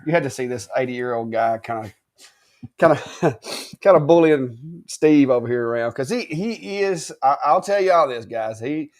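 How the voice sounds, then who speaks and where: This man from Alabama has a mid-range, darkish voice and a Southern accent. Co-hosting a casual live stream, he tells stories in a chatty, drawling style and says "y'all."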